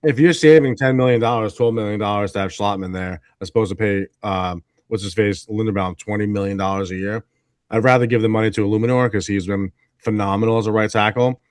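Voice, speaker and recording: A man giving quick, confident opinions in casual sports podcast chat. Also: on the low side, fairly even intonation, dry recording, clean studio sound. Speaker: podcast co-host.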